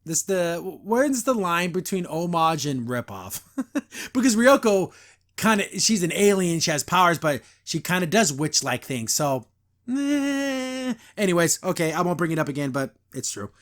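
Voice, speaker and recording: A man's voice: a little high, expressive, a bit bright. A middle-aged man hosting a podcast, reviewing a cartoon in casual, rambling chat full of "like" and "uh". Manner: rambling, lots of "like" and "uh", quick put-on voices when recapping scenes.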